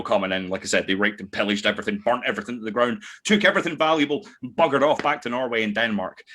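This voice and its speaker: A man with a Glaswegian Scottish accent, chatting as a podcast guest on a video call, an animated storyteller who laughs as he talks and swears freely. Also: lowish voice. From Scotland. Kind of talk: casual chat.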